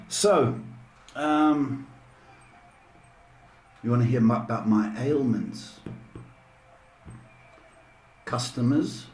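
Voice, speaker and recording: A man's voice: mid-range voice, darkish tone, echoey room. A man hosting a casual livestream, joking and chatting as he mulls things over aloud. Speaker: livestream host.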